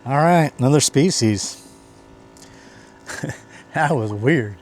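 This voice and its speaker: A man hosting a fishing vlog, talking excitedly to viewers as he fishes outdoors from a kayak. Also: mid-range voice, slow pace, slight background noise. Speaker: fishing vlogger host. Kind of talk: casual running commentary.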